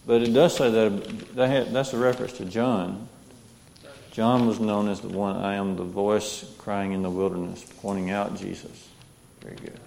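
A man's voice: on the low side, little pitch movement, normal speed, gravelly, darkish tone, big-room sound, a little hiss or hum. A man teaching a Bible class, reading scripture aloud and asking the group questions.

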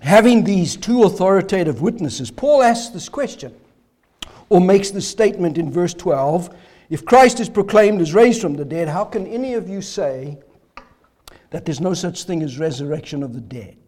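Hoarse preacher with a lively, high voice. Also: male voice, moderate pace. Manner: expository preaching with rhetorical questions, coughing. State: hoarse, voice failing. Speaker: pastor. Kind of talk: sermon.

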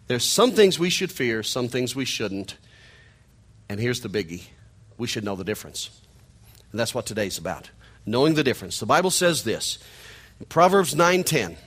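A man's voice: medium pitch, fairly bright tone. A middle-aged man with a nasal Missouri twang preaching a sermon in a conversational, joking way. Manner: conversational, joking asides to the congregation. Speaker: pastor.

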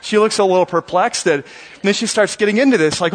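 A male pastor telling a story to his congregation at a church service, animated and chatty with frequent uhs. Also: high-pitched, fairly quick.

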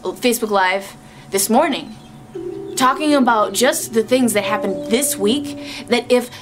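A woman's voice: a little high, a little slow. A woman sharing an emotional, exclamatory faith testimony, with music underneath. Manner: emotional, exclamatory, tearful at moments. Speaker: Christian speaker sharing testimony.

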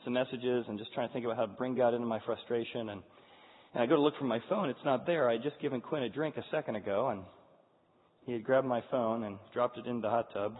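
Husky man telling a candid personal story. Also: mid-range voice, fairly even intonation, quick pace. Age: 40s. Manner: earnest and candid, with frequent restarts. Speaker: speaker addressing an audience. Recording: tinny, echoey hall sound.

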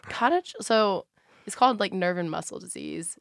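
A woman's voice: mid-range voice, expressive, normal speed, creaky, dry recording, clean studio sound. A college-age woman chatting casually with a friend, filler-heavy with lots of "like". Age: 20s. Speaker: college student. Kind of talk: casual chat.

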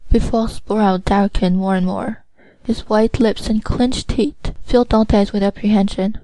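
A woman narrating an audiobook in a steady, measured storytelling manner. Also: mid-range voice, low-quality recording.

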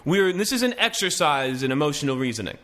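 A man hosts a casual news commentary podcast, his voice bright and slightly high. He reads articles aloud in a lively, swooping delivery, breaking off for wry asides and stumbling restarts. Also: fast talker. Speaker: podcast host.

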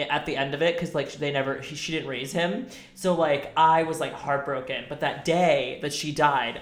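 A young man co-hosting a podcast, telling a story in casual chat with lots of fillers, swearing and animated outbursts. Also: a little high, reverberant. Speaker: podcast co-host.

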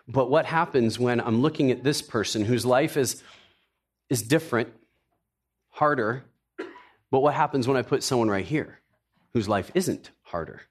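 A middle-aged man preaching a sermon, telling personal stories with jokey asides in an animated way. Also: fairly low pitch. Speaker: pastor.

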